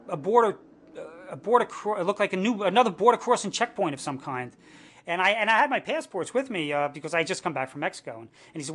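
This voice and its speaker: A middle-aged man from the United States recounts his experience in a high-pitched voice. He talks in a halting way, circling back with restarts and fillers. His tone stays earnest and indignant throughout. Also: a bit bright. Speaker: interviewee. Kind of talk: personal testimony to camera.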